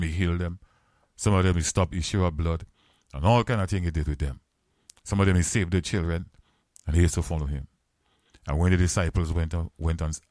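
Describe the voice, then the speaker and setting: A man with a lowish voice preaches a sermon, circling back on phrases again and again. He builds up to fervent, emphatic calls to his listeners. The sound is close and dry, with no room echo. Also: darkish tone.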